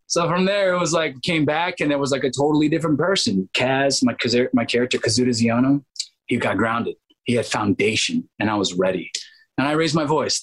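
A man's voice: lowish voice, fairly quick, husky, rough recording. A man guest on an interview, telling rambling stories in a casual way and acting out quoted dialogue. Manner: animated, acts out quoted dialogue; rambling with restarts and fillers. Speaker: guest actor.

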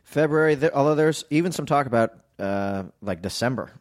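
A man's voice: mid-range voice, expressive, fairly quick. Chatty comedian guest, man. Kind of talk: casual chat.

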